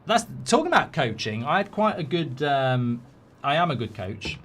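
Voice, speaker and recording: A man's voice: mid-range voice, very animated, normal speed, fairly bright tone. A man hosting a live football watchalong, chatting casually and reading out viewer comments.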